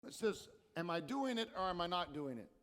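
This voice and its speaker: A man pastor preaching a sermon with earnest emphasis, swinging from loud declarations to hushed, soft lines. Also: high voice, expressive, fairly quick, long reverb tail. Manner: earnest, emphatic preaching with dramatic shifts in loudness. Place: church sanctuary.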